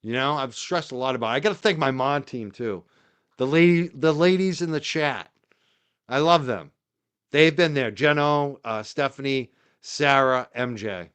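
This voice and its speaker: A man's voice: medium pitch, a bit bright, clean tone. A man hosting his own livestream show, talking casually and emotionally, moved and grateful, then indignant. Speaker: podcast host.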